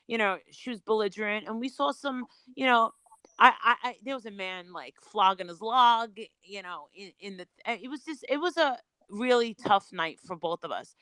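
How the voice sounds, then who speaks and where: A woman's voice: mid-range voice, sharp tone, clear, resonant tone, dry recording, low-quality recording. A woman on a remote call, telling a personal story as a panel guest in a candid, chatty way with some swearing.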